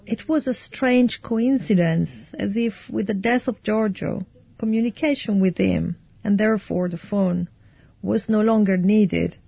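A woman giving an interpreter's voice-over, calm and measured. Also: mid-range voice, vocal fry, slightly rough, dry recording, highs cut off. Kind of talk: translated voice-over.

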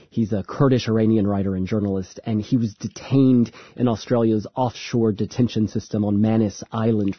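An American man offers calm, considered arts commentary. His voice is slightly husky, and the studio sound is dry and dull. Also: fairly low pitch, dry recording. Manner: measured, thoughtful commentary. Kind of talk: studio discussion.

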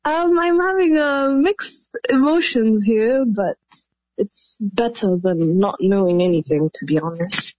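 A woman interviewee speaking hesitantly and haltingly on a call. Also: fairly high pitch, no room sound, dull audio. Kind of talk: phone interview.

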